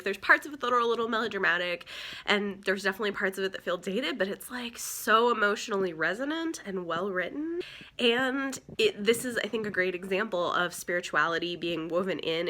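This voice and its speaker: A woman's voice: mid-range voice, pushed and bright. A young woman chatting casually on her book vlog, gushing and filling her talk with "like". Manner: chatty, gushing, many "like" fillers. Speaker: book vlogger.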